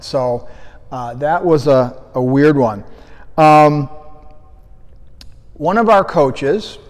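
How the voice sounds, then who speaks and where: A man with a fairly high voice tells a casual story from his coaching days, wandering through restarts and acting out the quoted lines louder. His voice trails off into a long reverb, as if he is recorded in a big, hard room. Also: clear, resonant tone. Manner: rambling storyteller who acts out quoted lines in a raised voice. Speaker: fitness coach and gym founder. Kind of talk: casual spoken anecdote.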